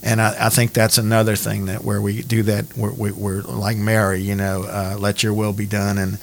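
A man hosting an interview, framing questions haltingly with repeated words. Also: lowish voice, flat delivery, creaky, a little hiss or hum. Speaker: podcast host.

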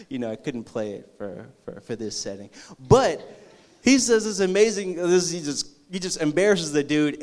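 A man preaching a sermon, acting out a movie scene with energy before turning slow and earnest. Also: a little high. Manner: slows and softens into earnest preaching. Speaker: youth pastor.

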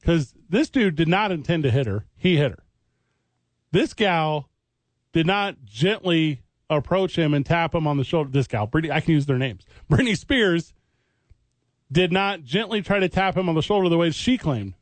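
A man's voice: a little high, lively intonation, moderate pace, no echo. A man co-hosting sports talk radio, arguing his point and choosing his words with care. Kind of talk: heated sports talk debate.

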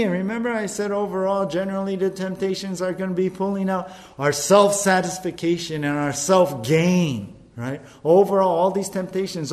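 A man preaching a sermon in an animated, conversational way, often checking in with tag questions. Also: high-pitched, unhurried.

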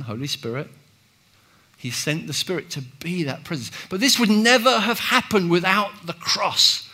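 A man's voice: medium pitch, sharp tone. A man preaching a sermon in a church, emphatic and repeating words, acting out quotes with big swings in volume. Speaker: pastor.

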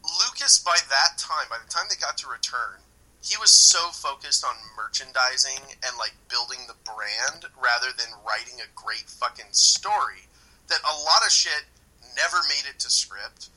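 A man co-hosting a casual podcast, ranting in an animated way with frequent profanity. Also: medium pitch, moderate pace, breathy edge, poor audio. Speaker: podcast co-host.

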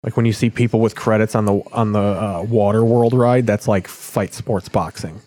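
A man's voice: lowish voice, fairly even intonation, normal speed, darkish tone. A man hosting a podcast, swearing often and riffing casually on what is on the TV. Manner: rambling, crude, joking. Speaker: podcast host watching TV. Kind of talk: casual profane commentary.

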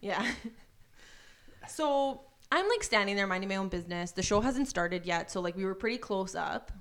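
A woman telling stories in casual podcast chat, animated and swearing freely, acting out the people she quotes. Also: medium pitch, normal speed. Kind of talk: casual storytelling.

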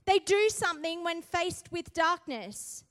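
A woman's voice: very high voice, expressive, unhurried. A woman preaching a sermon earnestly, driving points home with rising emphasis and frequent "right?" tags. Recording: long hall reverb.

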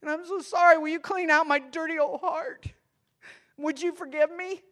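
A woman's voice: extremely high pitch, steady tone, normal speed, a bit bright, voice pushed up. A woman voicing her nine-year-old self, an earnest little girl pleading eagerly in prayer.

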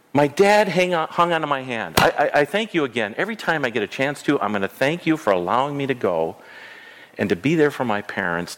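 Middle-aged pastor preaching in a reverberant church. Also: male voice, mid-range voice, a bit bright. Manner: earnest, repeats phrases, stammers on restarts. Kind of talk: sermon. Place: church sanctuary.

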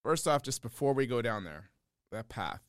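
A man co-hosting a comic book podcast in relaxed casual chat, laughing easily. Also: mid-range voice, normal speed, no room sound, studio quality. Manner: laid-back, laughs often. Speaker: podcast co-host.

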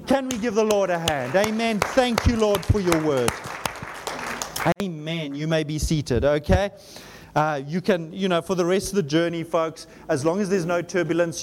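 A middle-aged male pastor preaching in a church, joking with the congregation and reading scripture slowly and emphatically. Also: a little high. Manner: animated, joking, with shouted exclamations. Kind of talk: sermon. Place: church auditorium.

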